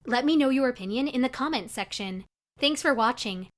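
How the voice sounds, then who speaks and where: High-voiced young woman narrating a story. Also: expressive, a little fast. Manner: chatty, confessional. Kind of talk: scripted animated-story narration.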